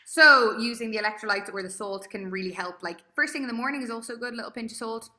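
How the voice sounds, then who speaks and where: A woman's voice: fairly high pitch, fast talker, roomy sound, background noise. A woman with an Irish accent coaching a live workout class, chatty and encouraging, praising people by name and laughing often. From Ireland. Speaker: fitness coach.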